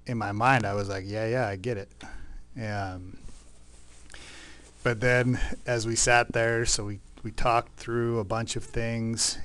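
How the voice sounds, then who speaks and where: Brief: male podcast co-host, lowish voice, thoughtful storyteller who pauses to think. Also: a bit bright. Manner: reflective, thinks aloud with many um's. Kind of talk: casual faith podcast storytelling.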